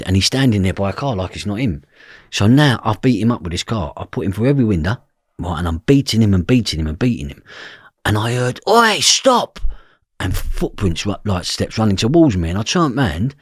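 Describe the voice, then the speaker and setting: A man's voice: lowish voice, a little mellow, slightly rough, dry recording, clean studio sound. A man telling a story from his past, blunt and swearing freely, often asking "do you know what I mean". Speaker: podcast guest. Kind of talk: personal storytelling.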